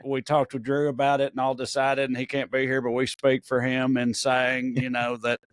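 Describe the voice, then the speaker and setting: A man's voice: mid-range voice, monotone, clean tone, dry recording, clean studio sound. A man with a Southern US accent, co-hosting a podcast in loose, rambling banter full of fillers. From American South. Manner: rambling, drawn-out thoughts with many fillers. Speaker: podcast co-host.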